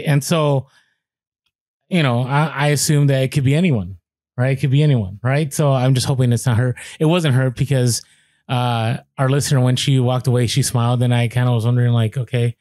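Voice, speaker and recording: A man co-hosting a podcast, telling an animated story with quoted voices and many restarts. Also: mid-range voice, no room sound. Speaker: podcast co-host.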